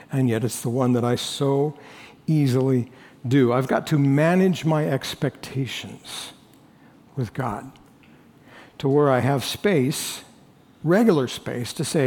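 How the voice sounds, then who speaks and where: A man preaching a sermon as lead pastor, earnest, moving between bold emphasis and quiet reflection. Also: medium pitch, in a large hall.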